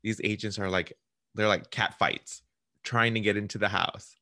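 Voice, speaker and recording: A man's voice: on the low side, fairly even intonation, moderate pace, sharp tone, dry recording, studio quality. A man, a realtor, telling a client a story in casual chat, acting out the voices of people on the phone. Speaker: realtor hosting a client interview.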